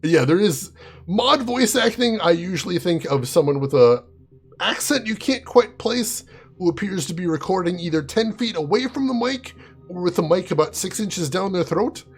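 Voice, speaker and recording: Over soft background music, a game streamer reads chat and answers viewers by name, laughing often in casual conversation. His high, slightly rough voice is expressive and moves at a normal speed.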